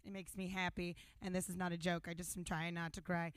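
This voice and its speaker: Young female emcee, bubbly and self-mocking; clear, crisp voice, dry close handheld mic. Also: on the low side, flat delivery, a little fast, dry recording. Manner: bubbly, rambling, self-deprecating jokes. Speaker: emcee of a benefit show. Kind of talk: live stage emceeing. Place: small stage at a brewery event. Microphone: handheld microphone.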